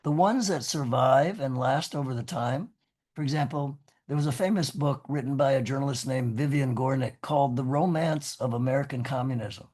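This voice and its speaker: A man's voice: mid-range voice, moderate pace, a little mellow. A man with a scratchy voice, a professor giving a rambling, earnest talk on a video call, with frequent restarts and "you know". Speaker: guest speaker, professor. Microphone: video call microphone.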